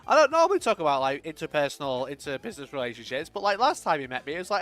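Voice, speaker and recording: Sweary young guy on a livestream, kinda high voice that jumps all over, bit of music in the back. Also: big pitch swings, rapid-fire. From Sheffield, England. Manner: sweary, laughs often, swings loud and quiet. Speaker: streamer. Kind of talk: casual live-stream chat.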